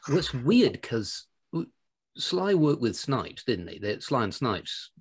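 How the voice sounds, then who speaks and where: British man with a husky, lively voice. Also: mid-range voice, slow. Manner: animated, jokey anecdote telling. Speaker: podcast host. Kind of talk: casual storytelling chat.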